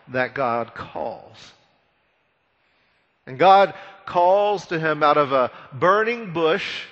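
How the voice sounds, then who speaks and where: A man preaching a sermon, retelling a scripture story in a conversational, animated way with frequent repeated words. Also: a little high, in a large hall. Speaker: pastor.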